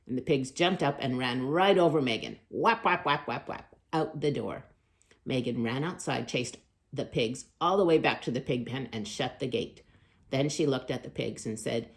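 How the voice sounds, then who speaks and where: A woman with a low voice hosts a children's storytime at a moderate pace. She reads a picture book aloud, switching between expressive loud calls and hushed asides.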